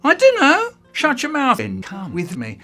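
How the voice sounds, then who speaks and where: A high, shouty old uncle snaps orders in a fan-made audio story, as a man puts him on. His pitch leaps up loud and sharp. Faint music plays underneath. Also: huge pitch swings, measured pace, vocal fry, heavily acted. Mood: bossy.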